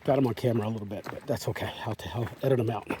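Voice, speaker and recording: Against a noisy background, a man with a fairly low, steady voice vlogs rapid-fire while hiking through the forest. He rambles chattily into a handheld phone and speaks softly to deer.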